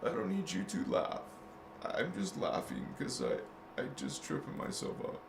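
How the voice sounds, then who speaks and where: A man's voice: medium pitch, wildly swooping pitch, a little slow, vocal fry. A man hosting a spiritual video channel, talking in a casual, joking way with crude slang and laughing at his own jokes. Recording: roomy echo with faint noise.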